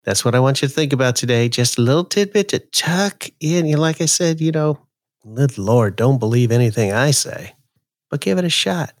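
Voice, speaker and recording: A man's voice: mid-range voice, no echo, clean studio sound. A man hosting a podcast, chatting casually in a folksy way and reading his own poem aloud. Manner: slow, relaxed, folksy delivery. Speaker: podcast host. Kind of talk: casual talk and poetry reading.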